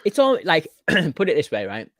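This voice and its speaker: A man with a Geordie accent, from Newcastle, hosting a casual film chat, animated and swearing freely. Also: on the high side, moderate pace, no room sound, studio quality. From Newcastle, England. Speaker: podcast host. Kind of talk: casual chat about films.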